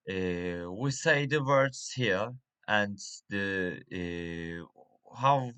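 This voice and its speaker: Slow, halting man with a bright voice. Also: lowish voice. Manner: slow and halting, with many fillers and restarts. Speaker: English teacher. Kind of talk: reading a pronunciation lesson.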